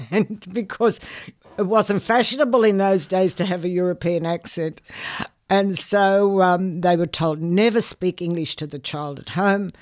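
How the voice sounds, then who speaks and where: An older woman, giving earnest, measured interview answers and often repeating words. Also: on the low side, steady tone, a little mellow. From Hungary. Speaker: guest. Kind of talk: interview answers, personal recollection.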